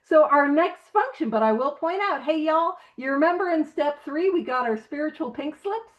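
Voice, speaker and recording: A woman with a high voice leads an online recovery book study, playful and animated, often slipping in laughing asides. Her audio comes through a video call and sounds slightly dull and lo-fi. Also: moderate pace, hardly any pauses. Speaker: study group leader.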